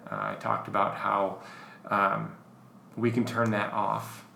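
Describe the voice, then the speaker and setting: A man's voice: on the low side, takes it slowly, creaky, reverberant, slight background noise. A man co-hosting a podcast in casual chat, rambling with lots of fillers. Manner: relaxed, rambling, filler-heavy. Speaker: podcast co-host.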